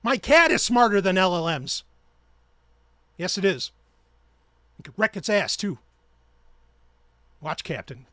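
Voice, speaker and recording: A man's voice: high-pitched, sing-song, slow pace, long pauses, fairly bright tone, dry recording, clean studio sound. A man hosting his own podcast, ranting in a heated, profane and sarcastic way. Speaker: podcast host. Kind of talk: ranting solo podcast talk.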